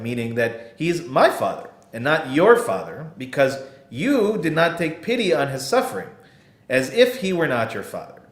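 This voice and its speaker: A man's voice: mid-range voice, big pitch swings, normal speed. A man giving a sermon as a rabbi, explaining a scripture text and often checking in with his listeners with "okay" and "right.". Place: synagogue sanctuary. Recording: echoey room.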